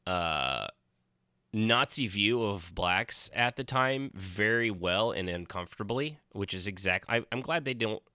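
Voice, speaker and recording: A man's voice: on the low side, animated, measured pace, pushed and bright, clean tone, no echo, studio quality. A man hosting a podcast in casual chat, rambling and swearing freely. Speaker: podcast host.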